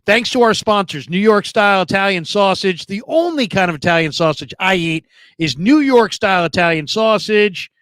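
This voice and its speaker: A man's voice: high-pitched, animated, normal speed, a bit bright, clear, resonant tone, dry recording. A man hosting a casual live sports stream, telling jokey stories and reading out viewer comments. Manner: joking storyteller, reads chat comments aloud. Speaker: podcast host.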